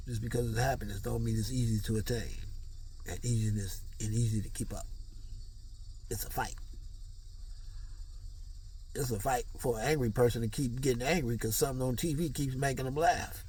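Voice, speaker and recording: Gravelly-voiced man musing in a vlog. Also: mid-range voice, darkish tone, slight background noise. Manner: rambling, musing, slangy. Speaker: vlogger. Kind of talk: casual motivational monologue.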